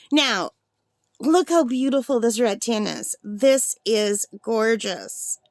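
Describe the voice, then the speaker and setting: A sixty-year-old woman unboxing a birthday gift on her vlog, gushing with breathless excitement. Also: on the high side, takes it slowly, dry recording, studio quality. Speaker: art supply vlogger.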